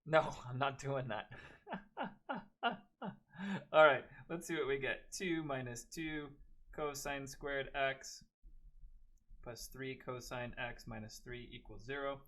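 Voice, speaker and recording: A man lectures his math class, talking through each step and slipping in chatty jokes aimed at the students. His mid-range voice stays fairly even and sharp, moving at a slow pace with many pauses.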